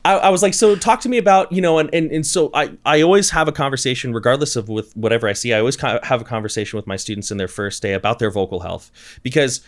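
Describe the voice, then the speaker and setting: A man who coaches singers, chatting casually on a podcast and acting out quoted students in animated stories. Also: mid-range voice, quick pace. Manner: animated storyteller, acts out quotes, many restarts. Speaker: vocal coach, guest.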